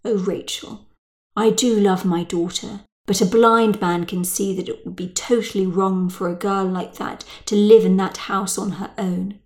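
A woman's voice: medium pitch, fairly even intonation, unhurried, darkish tone, lightly acted. A woman doing a whiny, snobbish mother. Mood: complaining. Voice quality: whiny, plaintive, grumbling. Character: self-pitying, snobbish middle-aged mother.

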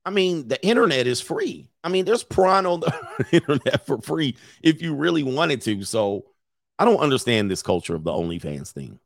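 A man's voice: on the high side, very animated, moderate pace, creaky, no room sound, studio quality. A man in his thirties hosting an online commentary show, ranting brashly and laughing at his own jokes. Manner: brash, joking, laughs often. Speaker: streamer and commentary host. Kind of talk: casual commentary rant.

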